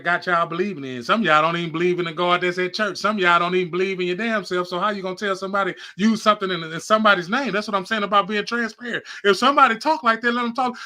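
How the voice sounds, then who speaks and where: A man's voice: high-pitched, fast, few pauses, bright, forceful tone. A man hosting a podcast, preaching casually straight to his viewers, rambling and repeating himself, on a phone held close. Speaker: podcast host.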